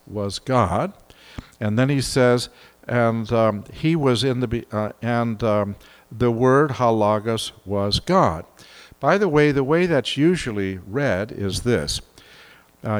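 A man's voice: medium pitch, big-room sound. A preacher, an older man, giving a sermon in a folksy, chuckling way with many fillers. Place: church.

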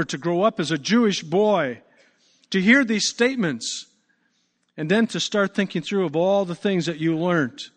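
Male preacher, sermon, emphatic, slightly high voice, long reverb. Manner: emphatic, stretches key words slowly.

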